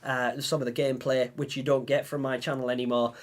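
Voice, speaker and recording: A young man hosting a live stream, telling a story in a lively way and acting out his own panicked lines. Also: mid-range voice, fast talker. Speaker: livestream host.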